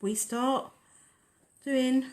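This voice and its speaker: A woman's voice: high-pitched, steady tone, very slow, darkish tone. Chatty woman teaching nail art. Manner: chatty, rambling, talks while working. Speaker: nail artist hosting a tutorial. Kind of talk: casual live nail-art tutorial.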